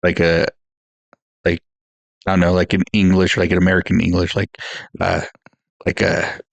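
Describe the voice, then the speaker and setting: A man's voice: low voice, completely flat delivery, normal speed, gravelly, no room sound, highs cut off. A man co-hosting a film podcast, laid-back, giving short replies and using lots of fillers. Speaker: podcast co-host. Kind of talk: casual chat.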